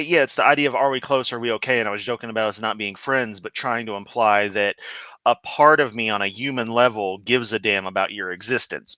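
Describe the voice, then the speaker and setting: A man from Memphis with a Southern accent, riffing sarcastically and goofily on a livestream. His voice is bright and forceful, and the recording is dry and close to the mic. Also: on the low side, no echo. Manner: sarcastic, goofy, profane. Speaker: streamer host. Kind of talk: casual livestream commentary.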